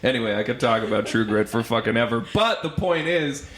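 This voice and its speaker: A man's voice: mid-range voice, fairly quick, echoey room, background noise. A man hosting a casual podcast, joking around and dropping into silly impressions. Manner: jokey, animated, slips into silly impressions. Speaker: podcast host.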